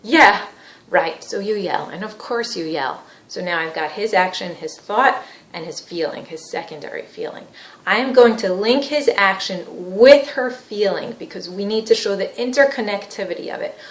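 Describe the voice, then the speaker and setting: A woman therapy trainer guiding a demonstration session, explaining her steps and gently validating the people she questions. The voice sits in an echoey room, mid-pitched and steady. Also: moderate pace. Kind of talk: teaching demonstration with role-play.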